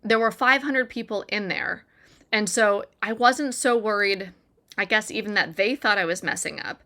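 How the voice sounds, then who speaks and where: Woman storyteller, bright, earnest, chatty; vlog confessional delivery. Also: medium pitch, moderate pace. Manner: earnest, conversational, frequent "like" and "right?". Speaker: recovery content creator. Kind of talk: personal storytelling to camera.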